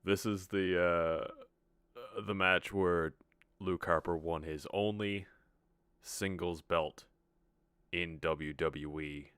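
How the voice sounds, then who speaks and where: A man's voice: low-pitched, fairly even intonation, slow pace, long pauses, a bit bright, clean tone, dry recording. A man giving casual, earnest and reflective commentary while streaming a game.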